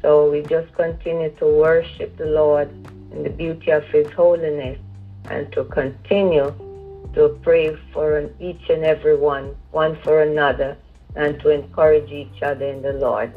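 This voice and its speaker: A woman caller offering a calm, steady spoken prayer. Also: sits low, normal speed. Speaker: caller praying. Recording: tinny phone line with music.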